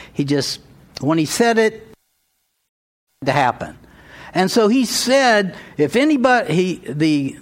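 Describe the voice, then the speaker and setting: A man preaching a sermon, retelling a story in an animated, storytelling way and building to emphatic peaks. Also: a little high. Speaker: pastor.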